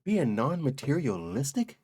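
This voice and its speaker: A reaction streamer host giving animated commentary, with joking, slangy asides and frequent laughter. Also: mid-range voice, measured pace, breathy edge.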